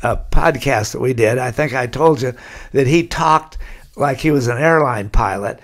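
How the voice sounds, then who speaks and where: A man's voice: medium pitch, moderate pace, fairly bright tone. An older man, a guest on a podcast, telling a rambling anecdote in a casual interview, full of uh fillers and restarts.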